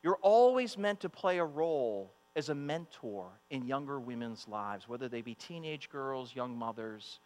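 A man's voice: medium pitch, lively intonation, moderate pace, hardly any pauses, darkish tone. A man preaching a sermon to the women of a congregation, emphatic and fond of repeating his phrases. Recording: long hall reverb with mains hum.

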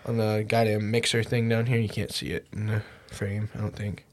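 Profane and laughing often, a young podcast host tells lively stories in casual chat from a home mixer setup. His voice sits on the low side, at a normal pace.

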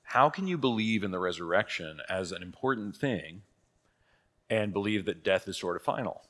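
A man's voice: sits low, expressive, normal speed, a bit bright. A man teaching a church catechism class in a casual, conversational way, asking rhetorical questions and laughing at his own asides.

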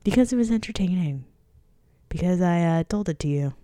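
A woman's voice: fairly low pitch, expressive, a little fast, mellow, no echo, studio quality. A young woman who is sick and coughing, chatting casually in a sarcastic, self-mocking, rambling way. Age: young adult. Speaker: vlogger. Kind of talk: casual chat.

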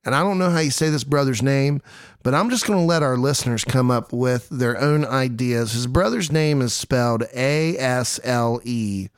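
Recorded at studio quality with no echo, this man in his thirties has a smooth, medium-pitched voice at normal speed. Hosting a podcast, he relates a true-crime tale with self-deprecating jokes and does goofy voices for the quotes.

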